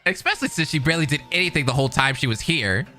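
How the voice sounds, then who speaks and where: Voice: mid-range voice, expressive, very fast, bright, forceful tone, soft background music. A voice actor in a fan-made game dub playing a smug, mocking, callous boy.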